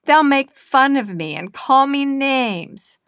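A woman's voice: sits high, animated, slow, a bit bright, no echo, studio quality, voice pushed up, exaggerated voice. A woman voicing a nervous, stubborn little girl nandu bird in a storybook reading, refusing things in anxious, whiny refrains.

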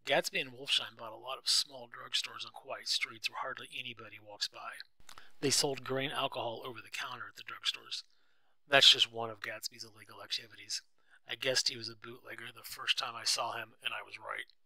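A man reading a simplified novel aloud for young readers. His voice is bright and forward, and the recording is dry and close with no room sound. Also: medium pitch, fairly even intonation, fairly quick, gravelly, dry recording, rough recording. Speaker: narrator. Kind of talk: storybook read-aloud narration.

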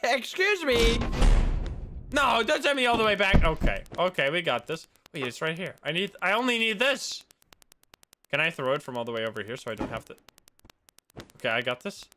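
A young man live-streaming a game, excitable, yelping and shouting whenever things go wrong. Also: a little high, fairly quick, noisy background. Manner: excitable, yelps and shouts at setbacks. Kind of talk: live gameplay commentary.

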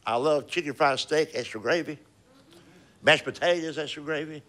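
A man's voice: on the high side, moderate pace, a bit bright. An older man, telling folksy stand-up stories and chatting. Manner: folksy Southern storytelling, drawling punchlines. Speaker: stand-up comedian. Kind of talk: stand-up comedy set, then chat. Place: comedy club stage.

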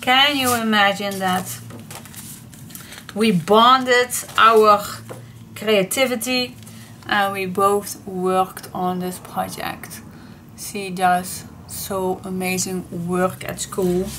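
A middle-aged woman with a Dutch accent hosts a crafting vlog, gushing over each new thing she shows. Her delivery is slow and unhurried, with a bright, forward tone. Faint room noise sits behind her voice. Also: mid-range voice. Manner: gushing, excitable, repeats oh my gosh. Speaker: paper craft channel host.

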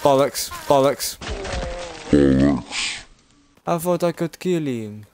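Raging gamer guy, lively pitch. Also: measured pace, over music. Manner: frustrated, swearing, raging at the game. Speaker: gaming channel host. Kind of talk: casual gameplay commentary.

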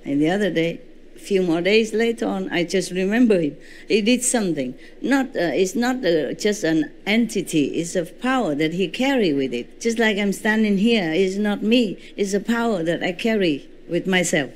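A woman spiritual teacher lecturing into a microphone at an indoor retreat, her English clearly non-native. She tells her stories with lively, dramatic reenactments and keeps checking in with her listeners. Her voice sits at a middling pitch. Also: moderate pace. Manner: animated storytelling, reenacting her own shouts; frequent "you know" and "okay?" check-ins.

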